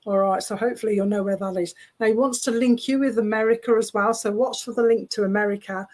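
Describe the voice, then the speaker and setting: A woman working as a spiritualist medium, relaying spirit messages over a video call in a chatty, halting, reassuring way. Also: mid-range voice, steady tone, darkish tone.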